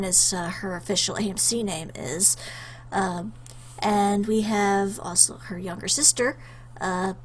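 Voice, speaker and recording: A young woman talks straight into her webcam in a loose, rambling way, full of little fillers and restarts. Her voice sits at an ordinary pitch, and she sounds choked up with emotion. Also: slight background noise. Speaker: YouTuber answering a questionnaire. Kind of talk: casual webcam chat.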